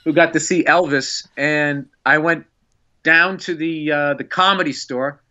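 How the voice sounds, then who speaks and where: A man with a bright, forceful voice and a somewhat high pitch tells a story with lots of energy, acting out the lines of the people in it. He talks casually as a podcast guest, and the audio sounds a bit dull and lo-fi. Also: a little slow. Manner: animated, excitable storyteller who acts out quotes. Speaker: guest comedian.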